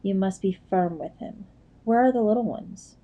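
A woman's voice: medium pitch, moderate pace, mellow, dull audio, natural voice. A woman voicing an anxious, careful noble mother who speaks earnestly and firmly.

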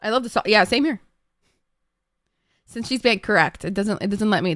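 A woman's voice: mid-range voice, normal speed, long pauses, a bit bright, no room sound, studio quality. A woman streamer chatting to her viewers, flustered and swearing often. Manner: flustered, swearing, talks to chat. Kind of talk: casual live-stream chat.

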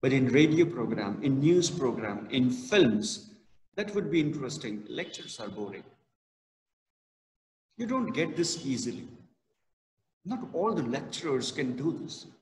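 A male college lecturer gives a classroom lesson, talking slowly and leaning hard on key words. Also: medium pitch, big pitch swings, darkish tone, a little hiss or hum. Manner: slow, emphatic, stresses key words. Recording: echoey hall, reverberant.

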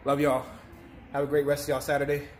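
A man's voice: fairly high pitch, monotone, brisk, slight background noise. A young man vlogging to camera, in pain and sniffling, pleading in short repeated bursts. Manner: distressed, repetitive pleading. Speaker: YouTuber doing a spicy chip challenge. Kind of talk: casual vlog to camera.

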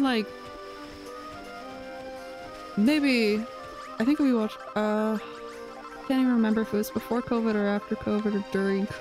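A young woman streaming a game, rambling loosely and padding her talk with fillers. Her voice sits at a middling pitch, with music playing under her chat. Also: low-quality recording. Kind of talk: casual gameplay chat.

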